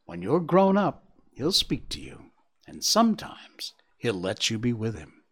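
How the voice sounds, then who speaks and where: A man voicing a gentle mother deer. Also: sing-song, a little slow. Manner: soft, low and reassuring. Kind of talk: storybook reading.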